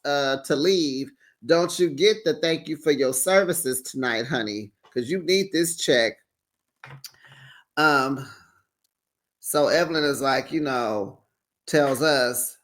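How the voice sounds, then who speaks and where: A man with a voice on the high side hosts a casual recap show. He's sassy and animated, often laughing and acting out what people said.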